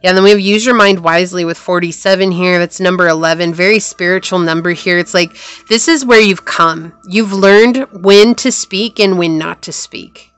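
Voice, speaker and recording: A woman's voice: on the low side, normal speed, few pauses, a bit bright, clean tone, no room sound. A woman giving a casual tarot reading to camera, rambling and repeating phrases, with a sore throat. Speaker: tarot reader.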